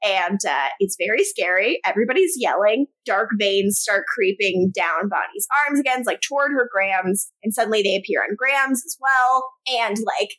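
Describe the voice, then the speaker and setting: A woman's voice: medium pitch, expressive, fairly bright tone, low-quality recording. A woman co-hosting a podcast, casually recapping episodes in a chatty, storytelling way. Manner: chatty, fast storytelling with quoted lines and laughs. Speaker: podcast co-host.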